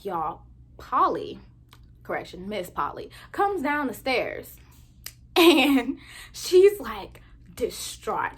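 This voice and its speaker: A young woman in her twenties telling casual storytime anecdotes to her viewers, chatty and animated. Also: fairly high pitch, extremely slow, pauses often, slightly rough. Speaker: vlogger.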